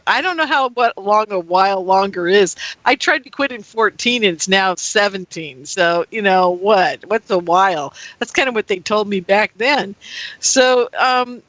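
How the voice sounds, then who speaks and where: A woman radio host talking in a rambling, animated way, laughing often as she speaks to her listeners. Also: medium pitch, a little slow, dry recording, low-quality recording. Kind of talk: casual personal monologue.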